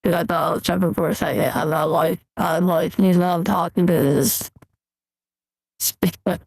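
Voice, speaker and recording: A man's voice: fairly high pitch, moderate pace, gravelly, slightly rough, no echo, poor audio. A man hosting a casual live stream, rambling as he sets up his gear and greets viewers before reviewing their mixes. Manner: relaxed, rambling, talks through tech setup.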